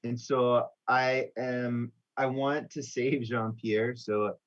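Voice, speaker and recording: A man's voice: medium pitch, level tone, takes it slowly, highs cut off. A man playing in a tabletop role-playing game, thinking aloud and working out his moves with some hesitation. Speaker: player.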